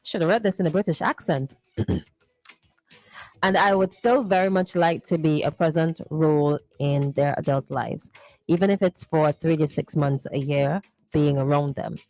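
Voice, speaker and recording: A woman's voice: low-pitched, moderate pace, a little mellow, no echo. A woman hosting a morning radio show, playfully reading listener messages and teasing them. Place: radio studio.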